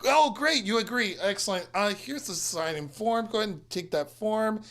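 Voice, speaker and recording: A woman's voice: mid-range voice, moderate pace, a bit bright. Woman, improv comedy, overly courteous nurse, medium voice. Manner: cheerful, overly polite reassurance. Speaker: improv performer playing a hospital worker.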